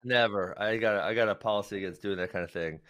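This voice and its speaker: A man co-hosting a wrestling talk show in casual chat, loose and quick to laugh. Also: fairly low pitch, a bit bright, no room sound. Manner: laughs often, chatty and loose.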